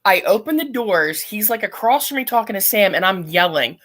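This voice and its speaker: A woman's voice: medium pitch, animated, normal speed, hardly any pauses, fairly bright tone. Blunt, profane woman telling stories. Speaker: guest. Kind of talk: casual storytelling.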